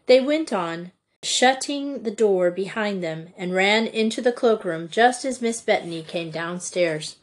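Slow, measured woman storybook reader. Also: mid-range voice, animated. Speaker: audiobook reader. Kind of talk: storybook narration.

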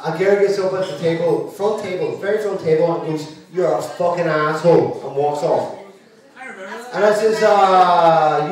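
A man doing a brash stand-up set, telling a story and acting out the hecklers. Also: fairly high pitch. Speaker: stand-up comedian. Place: comedy club stage, large room. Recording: echoey club from far off, audience noise.

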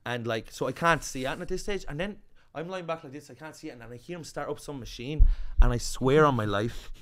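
A Northern Irish man chats on a podcast in a loose, breathless storytelling flow. He swears freely and slips into quoted voices, his pitch swinging widely. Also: brisk, a bit bright. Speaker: podcast co-host. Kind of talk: casual storytelling chat.

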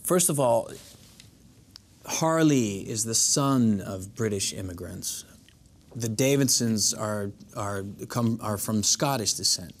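A man's voice: on the low side, slow pace. A man in his thirties from the Netherlands, speaking with a coached general American accent, answering interview questions thoughtfully with many restarts. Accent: general American, trained. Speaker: actor guest. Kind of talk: interview conversation.

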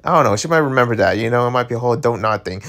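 Brief: male comic read-along host, lively swooping pitch, excitable gasps and laughs between lines. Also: racing. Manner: excitable, gasps and laughs, reacts loudly to scenes. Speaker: webtoon reader. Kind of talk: casual read-along with reactions.

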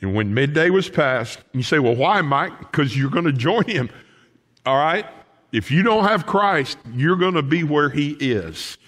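A male pastor preaching a sermon in a church, animated and folksy, with frequent asides to the congregation. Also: on the high side, measured pace, in a large hall. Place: church sanctuary.

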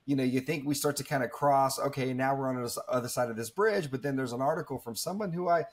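Speaking fast at a medium pitch, this guest speaker, a man in his thirties, reflects earnestly on a personal story during an interview, stumbling through plenty of fillers and restarts.

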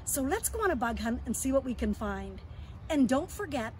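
A woman leading an outdoor lesson for young children, talking gently in a sing-song way, as if to friends. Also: high-pitched, very animated, moderate pace, a little hiss or hum. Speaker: early years educator. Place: outdoors in a yard and woods.

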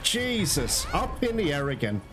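A man's voice: on the high side, expressive, unhurried, heavy background noise. A man commenting live on his own gameplay, frustrated and swearing, talking straight to his viewers. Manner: frustrated, swearing, exclaiming at the game. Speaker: gaming channel host. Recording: loud game music behind voice. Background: game music.

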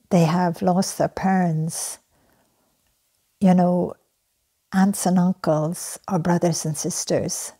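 A middle-aged woman speaks slowly and softly, with a gravelly, husky edge to her voice. Her tone is earnest and pleading as she makes a heartfelt appeal, often sinking into breathy near-whispers. The timbre is dark and mellow throughout. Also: fairly low pitch, steady tone. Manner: soft-spoken, earnest, drifting into breathy whispers. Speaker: charity founder making an appeal.

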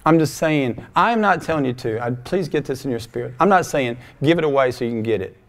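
A man's voice: mid-range voice, expressive, fairly quick. Passionate male pastor preaching. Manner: passionate, emphatic preaching with wide swings in loudness. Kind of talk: sermon. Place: church sanctuary before a congregation.

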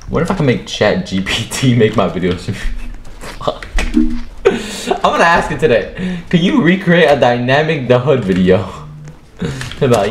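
A young man giving rowdy, profane commentary over his own gameplay, excitable and quick to burst into shouting. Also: fairly low pitch, a little hiss or hum. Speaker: gaming video creator. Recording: echoey room with keyboard clatter. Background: keyboard clicks and typing.

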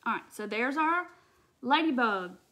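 Woman hosting a live craft demo, talkative and direct with viewers, bright, forward tone. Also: on the high side, animated, a little slow. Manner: chatty, addresses viewers directly and answers comments. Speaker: craft tutorial host.

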